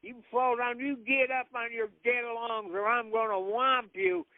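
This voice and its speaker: A drawling backwoods hunter, as an older man acts him out in a story, hollering to a fallen comrade in a high, strained voice. The sound is thin and boxy, heard over a tinny phone line with no room around it. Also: moderate pace, no echo. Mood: coaxing.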